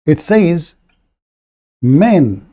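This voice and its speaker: A man's voice: on the high side, sing-song, extremely slow, mellow, breathy edge. A man hosting a call-in debate, mocking and combative, often laughing scornfully at the caller. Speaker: debate show host.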